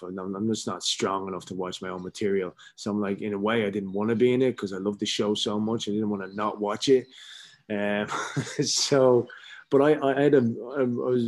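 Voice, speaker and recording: A middle-aged man with a fairly low voice tells stories as an interview guest. He speaks candidly, swears freely and gets animated in his anecdotes. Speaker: actor guest. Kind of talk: casual interview storytelling.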